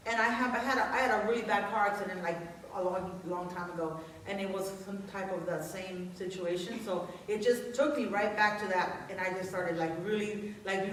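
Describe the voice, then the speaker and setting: A woman's voice: medium pitch, a bit bright, a little hiss or hum. A woman pastor giving an informal sermon, talking in a conversational, personal storytelling way. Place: church sanctuary. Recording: echoey room, distant mic.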